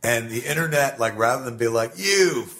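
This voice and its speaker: A middle-aged man, a podcast guest, telling stories in casual conversation with lots of swearing and animated asides. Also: medium pitch, fast, a little hiss or hum. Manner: animated, profane storytelling.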